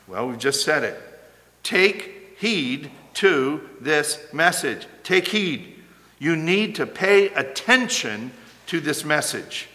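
A man preaching a sermon as pastor, emphatic and insistent, slowing and rising to stress key words. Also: on the high side, sharp tone. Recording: long hall reverb.

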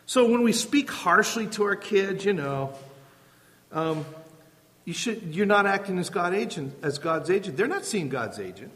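Man preaching with a lively, high voice. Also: moderate pace. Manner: emphatic, asks rhetorical questions. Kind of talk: sermon. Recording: long hall reverb.

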